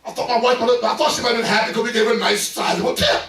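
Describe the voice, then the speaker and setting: A middle-aged man preaching a sermon as pastor, building into loud bursts and calling out to the congregation. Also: extremely high pitch, flat delivery, fast, soft background music. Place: church sanctuary. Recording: echoey church from far off.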